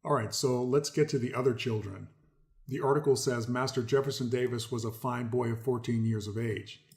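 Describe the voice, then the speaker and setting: A man reads passages aloud and breaks in with his own commentary. His pitch sits in an ordinary middle range for a man. He leans hard on key words, repeats them for weight and keeps calling his viewers folks. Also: steady tone, moderate pace, darkish tone. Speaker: host. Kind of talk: commentary reading articles aloud.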